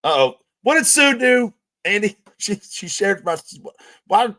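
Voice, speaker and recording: A man's voice: high voice, very animated, a little slow, bright, forceful tone. A man hosting a livestream, ranting crudely and swearing constantly in casual chat. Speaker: livestream host. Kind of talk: casual profane streaming rant.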